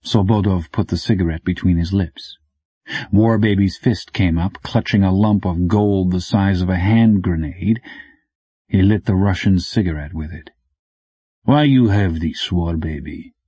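A man narrating an audiobook in a low, even, hard-boiled delivery. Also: moderate pace, slightly rough, no echo. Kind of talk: scripted narration. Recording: dull dry recording.

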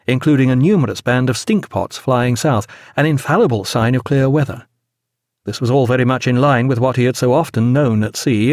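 A man narrating a sea novel as an audiobook, expressive and measured. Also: medium pitch, no room sound, clean studio sound.

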